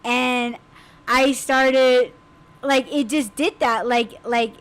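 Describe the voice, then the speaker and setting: High-voiced female podcast host; lively, laughing storyteller who acts out her own yelling. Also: takes it slowly, smooth. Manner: animated, laughing, acts out screaming quotes. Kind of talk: casual storytelling chat.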